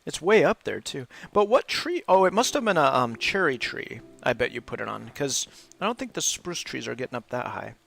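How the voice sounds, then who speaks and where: A man's voice: medium pitch, sing-song, brisk, creaky, few pauses, a bit bright. A man chatting casually while he hosts a game livestream, rambling and laughing often. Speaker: livestream host, English teacher. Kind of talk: casual chat while gaming.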